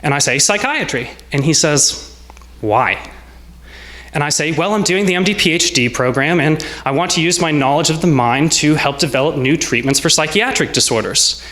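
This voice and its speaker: A man in his twenties telling a personal story on stage, in a measured, reflective way with short present-tense lines. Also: a little high, fairly bright tone. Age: 20s. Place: small salon event space.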